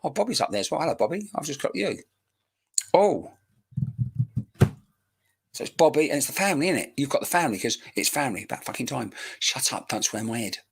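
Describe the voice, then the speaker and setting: A man's voice: mid-range voice, very animated, fast talker, long pauses, husky. A man, working as a medium in a live-streamed reading, talking in a chatty, rambling way with casual banter and swearing, recorded on a webcam mic.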